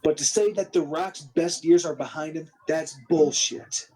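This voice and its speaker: A man's voice: a little high, fairly even intonation, measured pace, mellow, breathy edge, low-quality recording. A man voicing a brash, cocky male wrestling star who boasts about himself in the third person, in a swaggering promo manner. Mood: defiant. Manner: swaggering, defiant promo talk.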